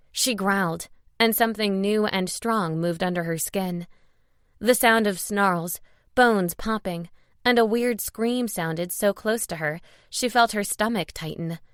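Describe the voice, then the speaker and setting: A woman's voice: medium pitch, a bit bright, clear, resonant tone, no echo, studio quality. Woman narrating a romance audiobook. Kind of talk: scripted narration.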